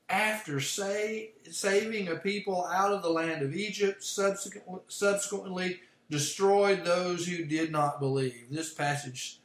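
The man's voice is high-pitched and a bit bright as he teaches a livestreamed Bible study, breaking down word meanings step by step. Echo fills the room.

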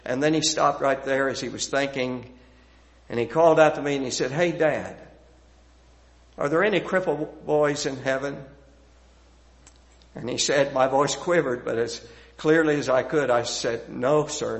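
Earnest male preacher. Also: mid-range voice. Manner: earnest, rising to emphatic lists and hushed endings. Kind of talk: sermon.

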